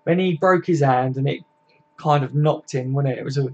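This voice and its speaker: A man's voice: mid-range voice, moderate pace, muffled recording. A young man hosting a casual live stream, chatting and reading out viewer comments, with lots of tag questions and "mate". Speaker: fan channel host.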